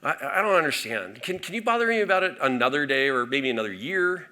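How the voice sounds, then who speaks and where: A man giving a conference keynote from a stage, energetic and full of fillers and restarts. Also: on the high side, fast. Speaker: keynote speaker.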